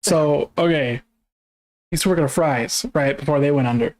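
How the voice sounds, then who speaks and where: A man's voice: a little high, darkish tone, rough recording. A man telling a long, profane workplace story in casual chat with friends. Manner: profane storytelling, quick bursts. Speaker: streamer.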